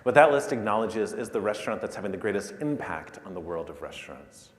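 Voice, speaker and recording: Animated man in an echoey hall. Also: on the low side, quick pace. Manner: animated storyteller, building to loud peaks. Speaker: keynote speaker. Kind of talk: conference keynote storytelling. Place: large conference hall. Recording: echoey hall, speaker a little far.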